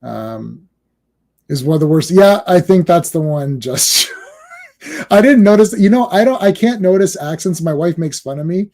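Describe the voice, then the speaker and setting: A man co-hosting a casual movie discussion, rambling and animated with quick asides. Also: fairly high pitch. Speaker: podcast co-host.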